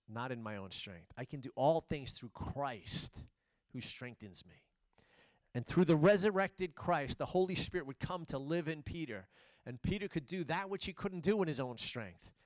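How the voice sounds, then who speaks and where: Man preaching with dramatic loud-soft swings. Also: medium pitch, dry recording. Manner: dramatic retelling, swings between loud and hushed. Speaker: pastor. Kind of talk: sermon.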